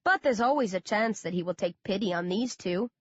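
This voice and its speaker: A woman's voice: mid-range voice, animated, a little fast, no room sound, lightly acted. Woman reader voicing a languid sneering villain, dull audio. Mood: cold. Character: cold, bored, cruel rich man.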